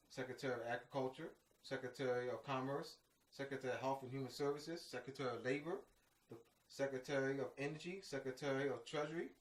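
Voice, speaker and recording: A man giving an informal lecture, emphatic and repetitive, full of slang asides like "man" and "you know what I mean". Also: mid-range voice. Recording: echoey room, mic at a distance.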